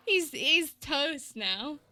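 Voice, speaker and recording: Bright, high-voiced giggly woman streamer. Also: a little hiss or hum. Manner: excitable, giggly, chatty with chat. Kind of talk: casual gaming live-stream chat.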